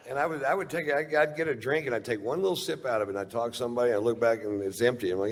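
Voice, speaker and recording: A man's voice: medium pitch, rapid-fire, hardly any pauses, a crowd in the background. A man telling a long profane stand-up story in a laid-back drawl. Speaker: stand-up comedian. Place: live comedy stage. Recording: reverberant live venue with faint ambience.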